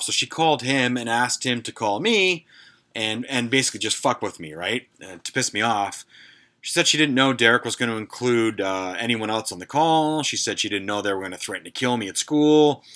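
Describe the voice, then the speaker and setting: A man's voice: medium pitch, sharp tone. A man hosting a podcast, telling a story in a rambling, profane way with lots of fillers. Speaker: podcast host. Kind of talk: casual storytelling.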